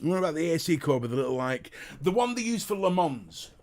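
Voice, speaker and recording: A man's voice: fairly high pitch, sing-song, brisk, a little mellow. A British man hosting a casual livestream, chatting to viewers and reading their comments, jokey and talking straight to the chat. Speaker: livestream host.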